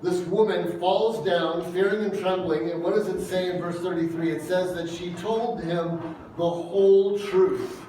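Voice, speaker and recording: A man delivering a sermon in a relaxed, talky way, pressing his points with questions to the room. His voice sits high for a man and rings through a large church hall. He is well off the mic, with a faint hiss underneath. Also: a little slow, distant mic. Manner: conversational, emphatic, asks the congregation questions. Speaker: preacher.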